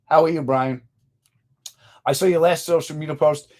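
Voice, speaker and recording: His voice is a little high and runs at a normal speed. This middle-aged comedian, hosting his own podcast, chats casually with viewers on a live stream, joking and telling animated, jokey tales.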